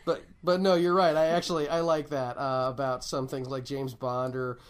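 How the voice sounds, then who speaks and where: A man's voice: mid-range voice, level tone, normal speed, clean tone. A man co-hosting a casual podcast chat, joking around and often slipping into mocking put-on voices. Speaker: podcast co-host.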